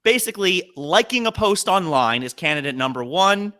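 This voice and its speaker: A man co-hosting a podcast, telling funny stories in casual comedic chat with an animated delivery that drops into low asides. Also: moderate pace. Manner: animated storyteller, swings between loud and low asides. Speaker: podcast co-host.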